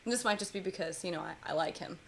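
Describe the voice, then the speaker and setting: A woman's voice: fairly low pitch, very fast, creaky, fairly bright tone. A woman co-hosting a live whiskey tasting stream, chatty and rambling. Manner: chatty, rambling, upbeat with laughs. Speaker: co-host. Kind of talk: casual live tasting chat. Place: home in Kentucky.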